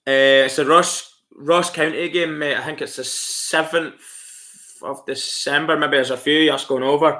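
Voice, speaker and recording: A Scottish man hosts a livestream, chatting casually and answering viewer comments in a friendly, chatty way, calling people mate and laughing often. His Scottish-accented voice is fairly high, pushed and bright, with fairly even intonation and a moderate pace.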